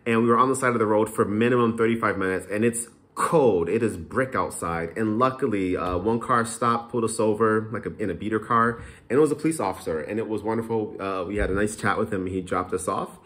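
Chatty low-voiced man vlogging. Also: a little fast, fairly bright tone. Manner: frank, chatty, rambling with many fillers. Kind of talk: casual unscripted vlog.

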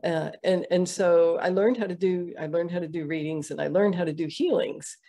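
Middle-aged female guest, gravelly low voice, rambling conversational storytelling with fillers. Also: fairly even intonation, mellow. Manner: halting, many fillers and restarts. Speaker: interview guest, Ayurvedic practitioner.

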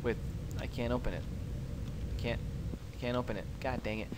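A man hosting let's play commentary, excitable, cursing freely and yelping when startled. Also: mid-range voice, moderate pace, slight background noise. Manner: excitable, swears a lot, yelps when startled. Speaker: gaming channel host.

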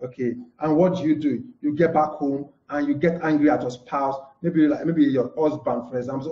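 A man's voice: fairly high pitch, a little fast, mellow. Man teaching over a live stream. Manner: repeats "okay", asks and answers own questions. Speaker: communication trainer. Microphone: live broadcast mic. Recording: dull echoey room.

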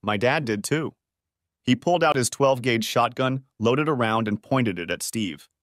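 A man's voice: mid-range voice, moderate pace, a bit bright, no room sound, clean studio sound. A man narrating a dramatic first-person story for an audiobook.

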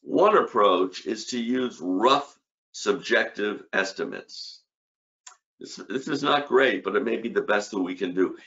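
A man's voice: fairly low pitch, a little slow, fairly bright tone, dull audio. An older man giving an academic conference lecture on economics, emphatic, with rhetorical questions and punchy repeated short phrases.

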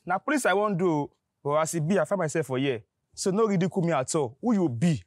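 A man with a Nigerian accent playing a self-important security guard in a comedy skit, loud and repeating commands. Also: a little high, lively intonation, fast talker, dry recording, clean studio sound. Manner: loud, pompous, repeats himself, shouting commands.

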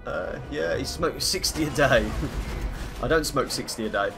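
A man with a croaky voice chatting through live gameplay commentary, greeting viewers and humming between lines. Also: medium pitch, lively intonation, a little slow, music in the background. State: hoarse, croaky voice. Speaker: game streamer. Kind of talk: live gameplay commentary, reading chat aloud.

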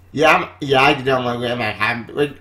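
A man hosting a vlog, ranting in exasperation and jumping between low mutters and sudden high outbursts. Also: bright, forceful tone. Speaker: comic book vlogger.

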